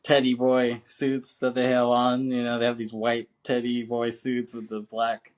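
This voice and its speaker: A man's voice: mid-range voice, completely flat delivery, measured pace. A man co-hosting a podcast in casual chat, talking loosely and profanely, laughing often and acting out quoted lines. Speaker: podcast co-host.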